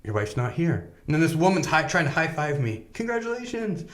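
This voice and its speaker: A man telling a rambling, profane personal story in casual chat, animated, often laughing. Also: fairly high pitch, fairly quick. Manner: swears a lot, animated anecdotes, laughs while telling. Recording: echoey room.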